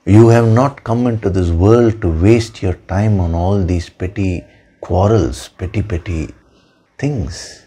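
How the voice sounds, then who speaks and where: Slow, deep-voiced man giving a spiritual talk. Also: warm tone, husky. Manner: slow, measured, emphatic with repetitions. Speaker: spiritual teacher. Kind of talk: spiritual discourse.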